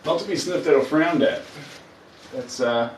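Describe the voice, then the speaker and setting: A man's voice: fairly high pitch, unhurried, a little hiss or hum. Kiwi guy chatting while he paints live, sounds far off in an echoey room. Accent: New Zealand. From New Zealand. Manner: chatty, playful, talks to viewers while working.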